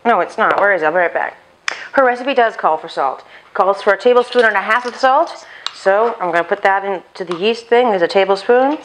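A woman's voice: medium pitch, fairly quick, fairly bright tone, a little hiss or hum, low-quality recording. A woman hosting a home cooking video on a chest mic, chatting casually and talking to herself as she works. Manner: rambling, talks to herself while cooking. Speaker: cooking channel host. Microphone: lapel mic on chest.

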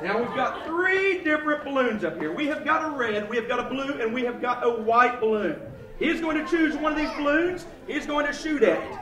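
A high, very lively male voice doing kids' show patter, goofy and mock-silly as he quizzes the children. He is picked up from across an echoey indoor hall, with a loud, noisy young crowd behind him. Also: fairly quick. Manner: playful, clowning, mock-silly with the kids; calls out questions to the audience. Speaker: children's entertainer. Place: library event room, indoors. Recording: echoey hall, recorded from far off.

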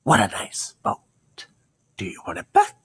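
A man voicing an evil shape-shifting clown who swings from whispers to shrill giggles. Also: a little slow, no echo, close to an everyday voice. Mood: creepy, teasing.

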